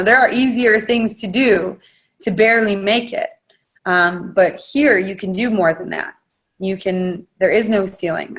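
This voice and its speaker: A woman's voice: medium pitch, fairly bright tone. Blunt, fired-up woman coaching on a call. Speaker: network marketing leader. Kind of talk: motivational talk on a video call. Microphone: video call.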